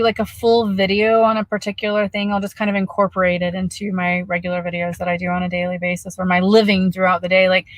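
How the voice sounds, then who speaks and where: A woman vlogger chats casually through a live-stream Q&A from her camper van, reading viewer comments and answering in an easygoing way. Her voice sits at a middle pitch, and the sound is dry and close, with no room echo.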